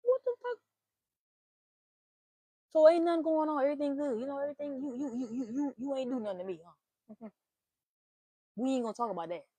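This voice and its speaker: Animated, blunt woman with a mellow voice. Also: high voice, fast, husky, dry recording. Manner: animated, swearing, playful exclamations. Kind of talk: casual spiritual reading monologue.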